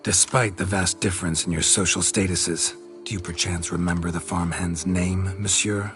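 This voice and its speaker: A man voicing a deep gruff terse monster hunter. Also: moderate pace, music in the background, close to an everyday voice. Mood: dry. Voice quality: gravelly, terse, deadpan. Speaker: witcher, hired monster hunter. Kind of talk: video game voice acting.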